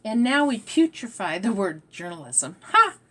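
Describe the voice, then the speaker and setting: A woman's voice: on the high side, expressive, measured pace, fairly bright tone. A woman vlogger talking in a rambling, emphatic monologue that trails off and restarts. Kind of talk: rambling spiritual-political monologue.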